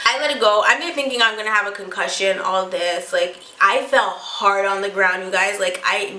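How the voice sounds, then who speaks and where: A young adult woman telling a storytime vlog to her viewers, animated and full of swearing. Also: mid-range voice, a little fast, few pauses, roomy sound, rough recording. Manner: animated, profane storytelling, often addressing viewers. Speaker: vlogger.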